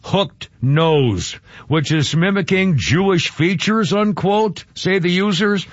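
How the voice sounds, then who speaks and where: A man's voice: high voice, measured pace, dry recording, dull audio. A man hosting a radio talk show, reading a story with sarcastic, indignant commentary.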